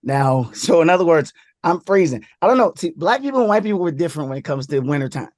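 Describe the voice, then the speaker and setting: A man's voice: a little high, expressive, fast, darkish tone, dry recording, studio quality. A man, a guest comedian, telling stories in casual chat and laughing along as he goes. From New York area.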